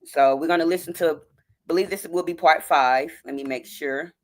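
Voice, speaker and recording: A woman's voice: sits low, normal speed. A woman hosting a live stream, choked up and near tears as she reads a story aloud and talks to her viewers as y'all. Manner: addresses viewers as y'all, greets chat by name. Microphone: phone.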